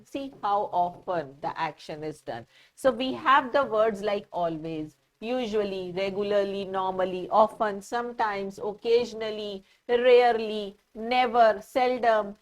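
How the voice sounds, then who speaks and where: Indian woman teaching grammar to children. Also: mid-range voice. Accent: Indian English. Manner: explains patiently, repeating examples and checking understanding.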